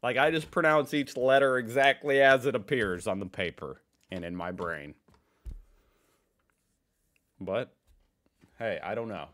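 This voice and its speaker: A man's voice: mid-range voice, a little slow, pauses often. A young American man with a General American accent, musing casually and self-deprecatingly while reacting to a video. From United States. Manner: relaxed, musing, self-deprecating, laughs often.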